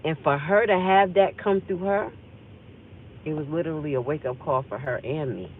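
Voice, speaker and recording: A woman's voice: low-pitched, moderate pace, slight background noise. Intense storytelling woman on tinny audio. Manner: intense, rambling, acts out remembered dialogue. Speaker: livestream host. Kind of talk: emotional personal storytelling on a livestream.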